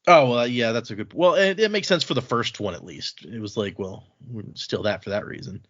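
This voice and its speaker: A man co-hosting a casual book podcast, animated and quick to laugh. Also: mid-range voice, muffled recording. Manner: animated, laughs easily, acts out quotes. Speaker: podcast co-host. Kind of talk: casual book discussion, reading aloud.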